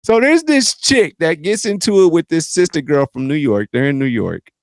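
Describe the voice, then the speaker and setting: A man co-hosting a casual podcast chat, animated, jumping from loud bursts to low mutters. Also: moderate pace, no echo. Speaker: podcast co-host.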